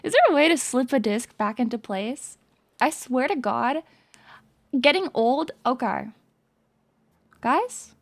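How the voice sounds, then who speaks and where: A young woman livestreamer chatting casually with viewers, playful and excitable, swearing and breaking into loud screams and laughs. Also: high voice, takes it slowly, long pauses. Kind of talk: casual chat to stream viewers.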